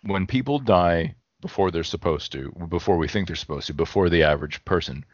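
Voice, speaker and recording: Deep-voiced rambling podcast host. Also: male voice, a little fast, no echo, muffled recording. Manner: rambling, thinks aloud, self-correcting. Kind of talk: casual chat.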